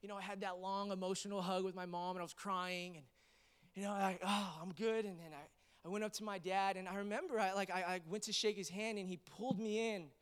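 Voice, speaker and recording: A man's voice: high voice, flat delivery, quick pace, a bit bright, clean tone. A man in his thirties preaching a sermon in a church, telling earnest, rambling, emotional stories full of fillers. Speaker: pastor. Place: church service.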